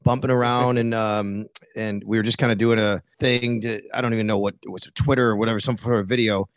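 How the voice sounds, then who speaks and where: In casual interview talk, a middle-aged man who covers a sports beat tells stories with animation, quoting himself and filling in with lots of fillers. His voice is fairly low and brisk, with no room sound.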